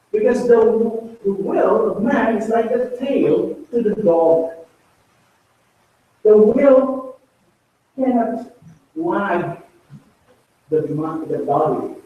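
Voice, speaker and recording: A man's voice: sits high, phone-quality sound. A man pastor preaching a sermon emphatically, pressing his points with rhetorical questions, recorded in a church sanctuary. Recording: very echoey church hall from far off.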